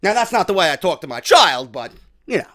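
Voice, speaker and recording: A man's voice: sits high, fairly quick. A man giving a rambling, profane comedic rant as a vlogger. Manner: rambling, swearing, animated. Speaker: wrestling vlogger.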